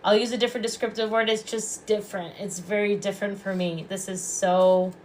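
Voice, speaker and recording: A woman giving intuitive readings on a live stream. She talks calmly and softly and often repeats her phrases. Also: medium pitch, a little fast, a little hiss or hum. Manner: calm, soft-spoken, repeats phrases. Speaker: psychic reader and past life regressionist.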